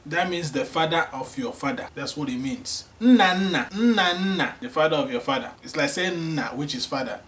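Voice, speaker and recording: A man's voice: mid-range voice, fairly bright tone. A man teaching a spoken language lesson, repeating each word for learners to say back. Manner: repeats words slowly for learners to echo.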